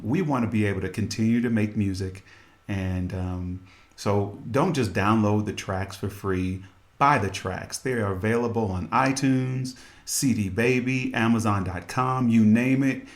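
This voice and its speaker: A man hosting a podcast, telling a story and making earnest, preachy appeals to his listeners. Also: lowish voice. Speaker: podcast host and musician. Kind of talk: storytelling radio talk with scripture.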